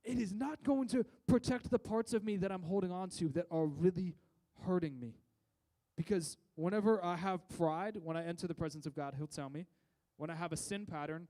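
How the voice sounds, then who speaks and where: A high-pitched man delivers a sermon in a church. His tone is mellow and he talks conversationally, often restarting his sentences. He swings between loud emphasis and quiet asides. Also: moderate pace. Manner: rises and drops in loudness for emphasis. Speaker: preacher.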